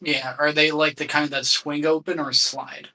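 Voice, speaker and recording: Man, tabletop game player, bright tense voice, easygoing. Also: a little high, flat delivery, moderate pace, low-quality recording. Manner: easygoing, plans aloud with restarts. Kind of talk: casual tabletop game play.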